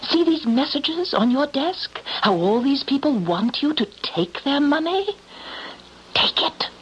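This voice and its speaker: An actress playing a commanding, taunting thief-queen spirit in an old radio drama, speaking slowly and hypnotically with whispered asides. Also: high voice, very animated, slight background noise. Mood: menacing. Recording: dull lo-fi old radio recording.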